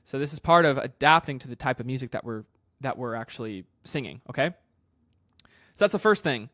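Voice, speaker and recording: A man's voice: medium pitch, expressive, fairly quick, a bit bright, no room sound, clean studio sound. A man working as a vocal coach, explaining singing technique in a casual way, with loose fillers and restarts. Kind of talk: singing lesson with sung demonstrations.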